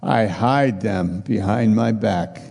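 A man voicing God in a sermon, speaking in a gentle, slow and reassuring way, heard with a long church reverb. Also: lowish voice, gravelly, full character voice. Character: God, calm reassuring fatherly deity. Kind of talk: acted quote within a sermon.

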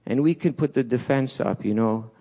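A man preaching a sermon in a church, swinging between loud urgent peaks and soft low asides, with restarts along the way. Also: moderate pace. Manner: passionate, rises and falls, restarts, acts out quotes.

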